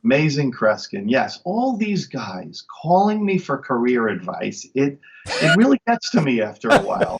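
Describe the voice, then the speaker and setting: A man from Long Island, New York, who works as a magician tells stories eagerly and cheerfully while chatting as an interview guest. His medium-pitched voice is sing-song, at normal speed, on a rough recording.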